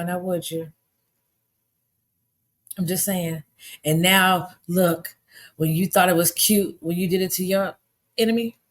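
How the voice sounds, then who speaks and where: A middle-aged woman giving a blunt, indignant casual commentary, preachy and plain-spoken, her voice jumping up high when exasperated. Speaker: commentary vlogger.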